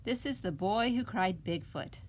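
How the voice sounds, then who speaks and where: A woman's voice: medium pitch, lively intonation, normal speed, slight background noise. A woman reading a picture book aloud at a library storytime, asking the children questions and adding coaxing "huh?" tags.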